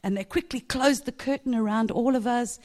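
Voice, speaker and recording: A woman's voice: on the high side, fairly quick, a little mellow. A woman preaching a sermon, telling a personal story animatedly and laughing often.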